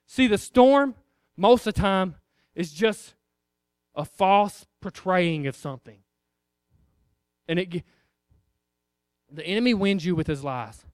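A man's voice: sits high, takes it slowly, pauses often, smooth, no room sound, studio quality. A man preaching a sermon, emphatic and repetitive, acting out little voices as he goes.

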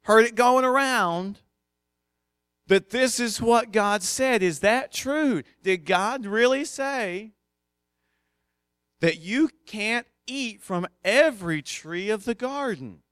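A crafty male serpent, sly and coaxing, who drawls his doubts with feigned uncertainty, put on by a man. The voice rides high and sounds smooth and resonant. It has a dry, close sound. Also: lively intonation, slow, fairly bright tone, dry recording, heavily acted. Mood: insinuating. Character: sly whispering-rumor serpent tempter, male.

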